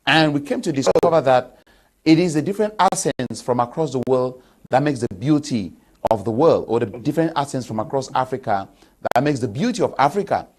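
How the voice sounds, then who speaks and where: A man's voice: mid-range voice, expressive. Cameroonian man hosting a TV panel. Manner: measured, questioning, with many fillers. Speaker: talk show host.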